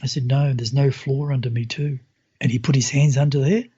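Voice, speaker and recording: Husky man telling a story. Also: on the high side, normal speed, highs cut off. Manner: animated retelling, hesitant with fillers, voices others in quotes. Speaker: guest sharing spiritual experiences. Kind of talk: casual storytelling.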